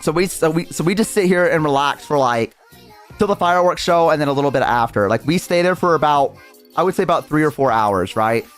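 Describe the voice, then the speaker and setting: A man's voice: fairly high pitch, lively intonation, a little fast, soft background music. Young man rambling through a wild story. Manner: rambling, swearing, full of restarts. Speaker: streamer. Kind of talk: casual storytelling on stream.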